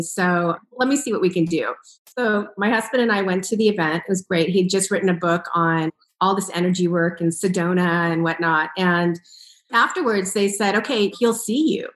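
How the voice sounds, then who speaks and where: A woman in a conversational interview, telling a personal story with lots of laughter and acted-out quoted dialogue. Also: mid-range voice. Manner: animated, laughs often, acts out quoted dialogue. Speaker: author and entrepreneur telling her story. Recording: roomy echo.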